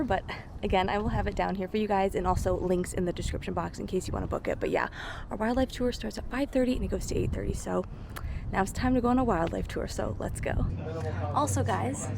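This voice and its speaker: A woman travel vlogger gushing excitedly and saying "like" a lot, filmed outdoors at a lakeside lodge on a handheld camera. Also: medium pitch, vocal fry. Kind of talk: casual travel vlog. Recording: noisy outdoor ambience.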